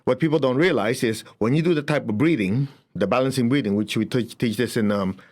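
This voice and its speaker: A man's voice: mid-range voice, a little fast. Chuckling man giving a spiritual talk. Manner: animated storytelling, chuckles often, acts out quotes. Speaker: spiritual teacher.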